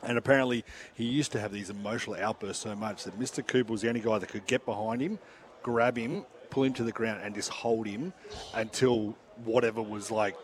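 A man's voice: fairly low pitch, steady tone, a little fast. An Australian man co-hosting a radio show, sharing an anecdote in a chatty way. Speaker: radio co-host. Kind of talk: casual radio banter.

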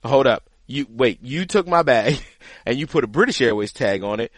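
A man co-hosting a podcast, telling a story in casual chat with an animated, exasperated manner. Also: mid-range voice, moderate pace, no room sound. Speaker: podcast co-host, the caddie.

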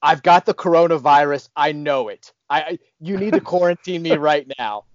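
A man voicing a panicky, loud male hospital patient who insists he is not yelling. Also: a little high, normal speed, no room sound, muffled recording, voice pushed up, close to an everyday voice. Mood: panicked, loud.

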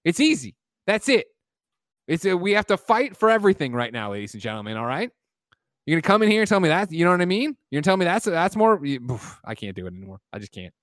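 A man hosting a gaming podcast, delivering a loud, mock-angry comic rant full of swearing. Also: high voice, big pitch swings, fast, dry recording, clean studio sound. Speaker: podcast host.

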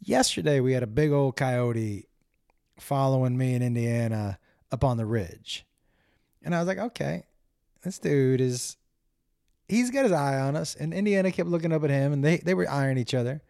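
A man hosting his own show, telling a rambling, animated story with plenty of swearing and acted-out voices. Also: mid-range voice, moderate pace, vocal fry, no room sound, clean studio sound. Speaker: comedian podcast host. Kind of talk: casual rambling monologue.

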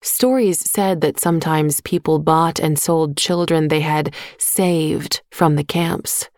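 A woman narrating a short story in a measured, even voice on a close microphone. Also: sits low, no room sound. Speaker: audiobook narrator. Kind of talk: scripted narration.

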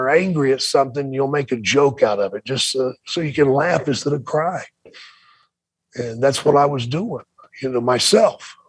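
A man speaks candidly and reflectively in casual podcast conversation. His voice is somewhat husky and sits at an ordinary male pitch. The mic sound is dry and close. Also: no echo. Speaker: podcast co-host.

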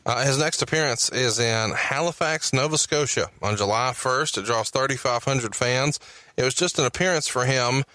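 A man's voice: medium pitch, normal speed, sharp tone, no echo. A man with an Alabama accent hosting a podcast interview, methodically reading out dates and asking questions. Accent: Southern US, Alabama. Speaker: podcast host. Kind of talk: interview with research recap.

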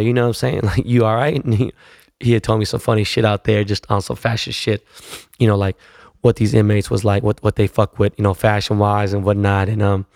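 Casting: young man, low gravelly voice, dry close sound, loose slangy profane storytelling. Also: a little mellow, dry recording. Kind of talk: casual storytelling.

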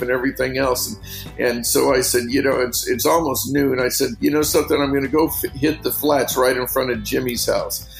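A middle-aged fishing guide, telling rambling anecdotes in a casual interview and leaning on "you know" constantly. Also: male voice, mid-range voice, gravelly, echoey room, poor audio.

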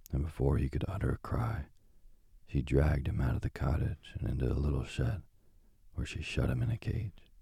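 Deep dark guy reading a bedtime fairy tale, husky, dry close mic. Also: no echo. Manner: slow and soothing. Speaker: bedtime story reader. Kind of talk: calm sleep-story narration.

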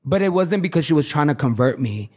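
A man's voice: a little high, lively intonation, fast, darkish tone, husky. A man, a fashion designer, talking casually as an interview guest, peppering his stories with "like" and acting out the voices of people he quotes. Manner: chatty, leans on "like", acts out quoted voices.

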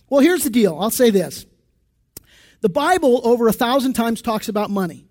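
Preaching to his congregation as their pastor, a man with a very high voice delivers a sermon in church. His talk is conversational, animated and fairly quick, a little mellow, full of restarts and asides to the listeners.

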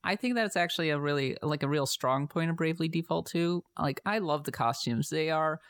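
A woman co-hosting a podcast in casual chat, making measured, thoughtful comments. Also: low-pitched, no room sound, studio quality. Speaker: podcast co-host.

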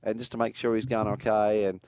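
Animated Australian man telling stories. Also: lowish voice, fairly quick, clear, resonant tone, no room sound. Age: older. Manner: animated storyteller, acts out quotes with laughs. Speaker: co-host, former racing driver. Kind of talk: casual chat.

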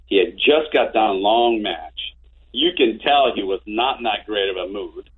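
Guy in his 50s telling stories over a tinny phone line, kinda husky and low. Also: moderate pace. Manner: animated anecdotes with frequent restarts. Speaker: interview guest. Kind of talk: casual storytelling. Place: home office.

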